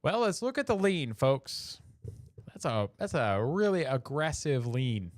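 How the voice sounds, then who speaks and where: A man's voice: mid-range voice, very animated, a little slow, dry recording, clean studio sound. A man hosting a casual live show, joking about memes in a chatty way and laughing at his own jokes. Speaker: show host.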